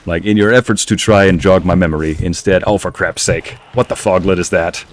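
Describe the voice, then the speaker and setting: A man's voice: low voice, steady tone, fairly quick, slight background noise. A man streaming a game, telling a long rambling story with frequent laughs while muttering at the game. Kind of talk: casual chat while playing a game.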